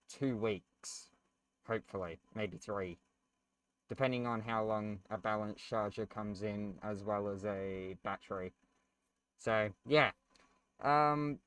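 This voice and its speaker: A man's voice: mid-range voice, clear, resonant tone, dry recording. A young man hosting a gaming channel, giving a casual game review with sarcastic, self-deprecating jokes, casual swearing and rambling ums. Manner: rambling with ums and repeated words.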